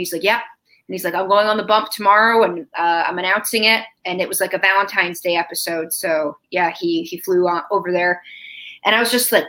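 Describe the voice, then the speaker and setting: A woman being interviewed, telling a family story in a lively, chatty way and acting out the quoted lines. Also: medium pitch, brisk, rough recording. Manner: animated, acts out quoted dialogue.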